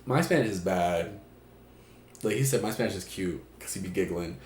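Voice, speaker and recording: In an echoey room, a man from Puerto Rico chats casually while hosting an advice stream, joking and dropping casual swears. His voice sits low, with a darkish tone and a moderate pace.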